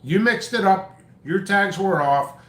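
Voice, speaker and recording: Here the seed seller and channel host talks a little slowly, his high, slightly bright voice full of lively intonation. His rambling vlog rant is exasperated and stammering, captured in a room with echo.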